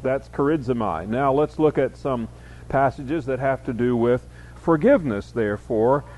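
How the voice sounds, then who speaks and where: A man's voice: medium pitch, normal speed, a little mellow. Man teaching a Bible study lecture. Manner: explains word by word, reads verses aloud with emphasis, frequent fillers.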